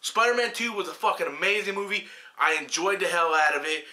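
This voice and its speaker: A man's voice: high voice, fairly quick, bright, forceful tone, roomy sound. A man giving a heated, profanity-laden film review, emphatic and fired up. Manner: heated, emphatic, swears a lot.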